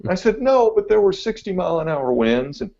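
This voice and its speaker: A man's voice: high-pitched, a little fast, creaky. Laid-back male meteorologist guest, chatty storyteller, slightly dull lo-fi sound. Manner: laid-back, animated when telling stories. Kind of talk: casual podcast storytelling. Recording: dull lo-fi audio.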